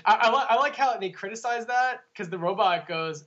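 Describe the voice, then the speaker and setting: A man's voice: sits high, fairly quick. An adult man co-hosting a podcast, chatting casually and arguing his points with animation. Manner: animated, argumentative, laughs often. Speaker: podcast co-host. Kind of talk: casual chat. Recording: dull lo-fi sound.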